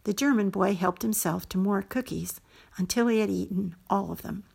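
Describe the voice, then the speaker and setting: A woman hosting a show, reading a first-person story aloud in a measured, scripted way. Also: medium pitch, vocal fry, darkish tone, breathy edge. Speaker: host and story reader.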